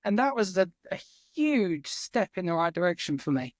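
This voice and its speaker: A man's voice: high voice, big pitch swings, moderate pace, no room sound. Male podcast guest, earnest and reflective, casual swearing, dry close sound. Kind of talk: casual storytelling interview. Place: remote farm in Norway.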